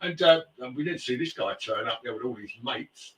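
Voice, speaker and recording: A man's voice: medium pitch, lively intonation, fairly quick, a bit bright, a little hiss or hum. A man hosting a casual talk show, telling stories in a rambling way with many restarts and fillers. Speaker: host. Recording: roomy, distant mic.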